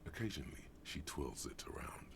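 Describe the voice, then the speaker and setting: A man voicing a deep, gravelly omniscient narrator in a video game, reading the story in a scripted way. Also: very animated, fairly quick, a bit bright, a little hiss or hum, full character voice. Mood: measured.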